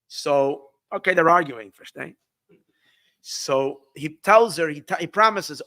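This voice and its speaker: A man, a rabbi, telling a long story in a halting way, often restarting and repeating words, with Yiddish words mixed in. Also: a little high, pushed and bright, no echo, clean studio sound. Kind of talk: storytelling talk.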